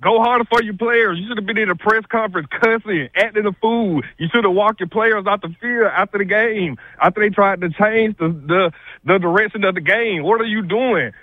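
A high-voiced man calls in to a sports show, breathless and heated. He hammers each point with emphatic ranting. The line sounds a little dull and close, with no room around it. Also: brisk, dry recording. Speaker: caller. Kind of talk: call-in rant.

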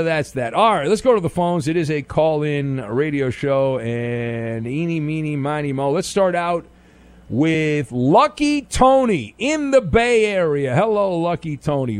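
A man hosting a call-in radio show, bantering with callers in a sarcastic, animated way. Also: fairly high pitch, measured pace, smooth. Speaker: radio host.

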